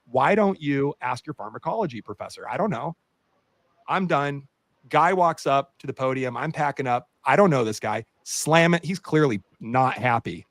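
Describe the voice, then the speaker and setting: A man co-hosting a podcast, a doctor telling an animated story in casual chat with many fillers. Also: medium pitch, normal speed, dry recording.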